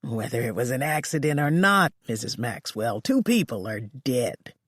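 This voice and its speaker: The narrator voicing a gruff middle-aged male detective who smokes, speaking in a low, serious, calmly menacing voice. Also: moderate pace, no room sound, studio quality. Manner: calm, coolly menacing.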